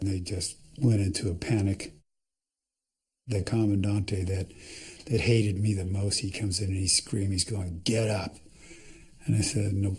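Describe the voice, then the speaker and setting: Low, mellow-voiced man recounting his captivity. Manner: plain-spoken storytelling with restarts. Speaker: survivor telling his story. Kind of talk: documentary testimony.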